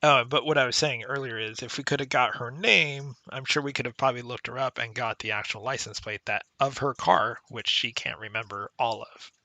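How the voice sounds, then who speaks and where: A man's voice: medium pitch, steady tone, brisk, few pauses, bright, forceful tone, dry recording. A man giving casual, conversational commentary while playing a retro adventure game, explaining its mechanics as he goes. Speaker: let's play commentator.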